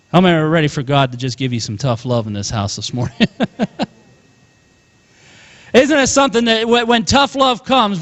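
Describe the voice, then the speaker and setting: A young man preaching a sermon as pastor, animated, calling out to his congregation and chuckling often. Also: a little high.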